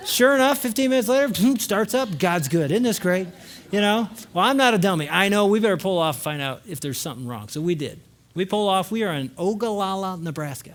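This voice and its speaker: A male conference speaker telling a story in a sermon, animated, acting out scenes and shouting at the peaks. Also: high-pitched, brisk.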